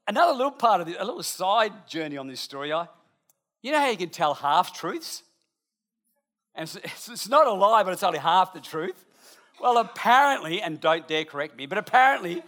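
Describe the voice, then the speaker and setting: A middle-aged man, telling a lively, chatty anecdote to an audience with asides along the way. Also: high voice. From Australia. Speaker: storyteller.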